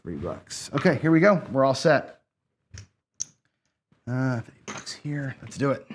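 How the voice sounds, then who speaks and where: A man's voice: mid-range voice, very animated, measured pace, a little hiss or hum. A man casually narrating his own craps game, counting chips and muttering frustrated asides to himself. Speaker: craps channel host. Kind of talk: casual play-by-play while gambling.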